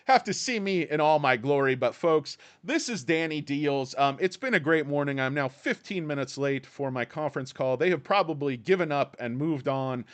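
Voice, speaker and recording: A man's voice: on the high side, expressive, moderate pace, hardly any pauses. A man hosting a casual stock market live stream from his office, rambling and irreverent with crude jokes.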